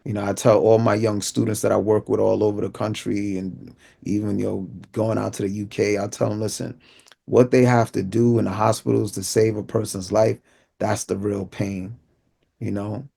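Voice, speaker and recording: A man's voice: fairly low pitch, little pitch movement, moderate pace, creaky, dark tone, slightly rough. A man who is an inspirational speaker, telling his life story as a vivid testimony and acting out the dialogue. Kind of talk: personal testimony.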